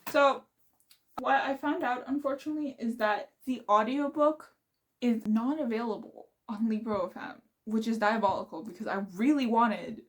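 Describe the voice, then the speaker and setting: A young woman book vlogger chatting casually and excitedly about her reading, rambling and laughing as she goes. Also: a little high, moderate pace. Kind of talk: casual chat.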